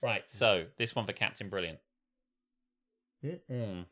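A man's voice: fairly low pitch, slow, bright, forceful tone. A man co-hosting a casual live-streamed podcast, with a dry, sarcastic way of talking. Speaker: podcast co-host. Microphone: studio mic on a stand.

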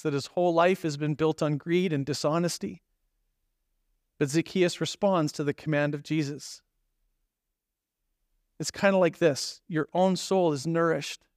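A man's voice: on the high side, dry recording, studio quality. A man preaching a sermon as pastor, telling the story in a conversational, emphatic way with acted asides.

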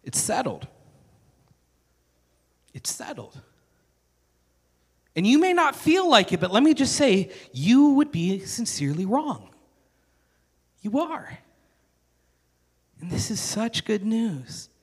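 A man's voice: very high voice, big pitch swings, a little slow, long pauses, slightly rough, big-room sound. A male pastor preaching a sermon in an earnest, conversational way, building to emphatic repetition.

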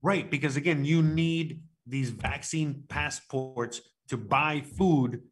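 A man's voice: a little high, steady tone, slow, slight background noise. Rambling, foul-mouthed man. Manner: rambling, lots of fillers, crude swearing. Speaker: podcast co-host. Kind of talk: casual chat.

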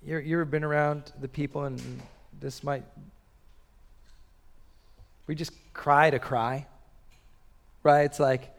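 A pastor preaching a sermon, swinging from loud urgent bursts to quiet, slow drops. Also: male voice, on the high side, little pitch movement. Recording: long reverb of a large hall.

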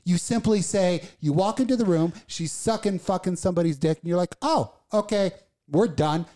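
Casual radio host, profane and ranting, mellow tone. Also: mid-range voice, brisk. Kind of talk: casual chat.

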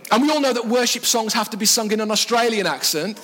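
A man's voice: high-pitched, fast talker, bright, forceful tone. A man from the English Midlands preaching a sermon in a church, chatty and self-mocking, laughing often as he talks. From Black Country, English Midlands. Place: church hall. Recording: reverberant church hall.

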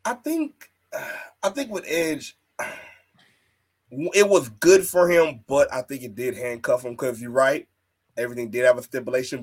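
A man hosting a casual wrestling podcast, swearing, laughing and mimicking wrestlers' voices. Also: a little high. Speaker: podcast host.

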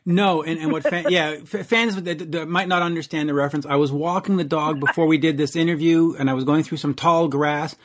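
A man's voice: on the high side, fairly even intonation, a little fast, hardly any pauses. A man hosting a rock interview show, chatting casually with many fillers and asides. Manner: chatty, rambling, with frequent fillers. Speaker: radio show host interviewing a band. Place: based in Montreal.

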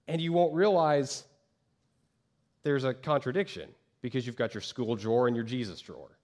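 Man, pastor, sermon, conversational, voices quoted people, church stage. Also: moderate pace. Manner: conversational, acts out quoted voices with lively pitch jumps.

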